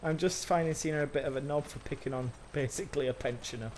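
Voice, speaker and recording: A man casually commentating a game on a live stream, excitable and chatty with his viewers. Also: a little high, quick pace, a crowd in the background. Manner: chatty, excitable banter with the chat.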